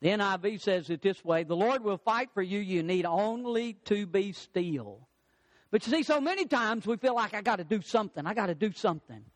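With a high, ringing voice, the pastor preaches by stacking repeated lines that climb in emphasis and by acting out the people he quotes. Behind him, the long reverb of a large hall trails on.

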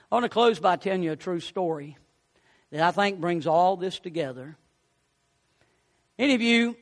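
A man's voice: sits high, in a large hall. A man preaching a sermon, telling folksy stories and rising to fervent appeals.

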